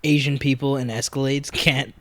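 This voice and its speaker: Male podcast co-host, mid-pitched, playful quick comebacks, dry close recording. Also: little pitch movement, dry recording. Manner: joking, quick retorts. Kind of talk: casual chat.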